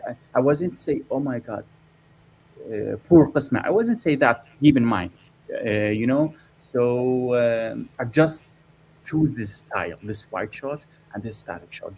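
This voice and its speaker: A man's voice: medium pitch, a little mellow, low-quality recording. Man, documentary director, hesitant, lots of ums, faint noise behind. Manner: halting, many fillers and restarts. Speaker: documentary filmmaker. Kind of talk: interview answers.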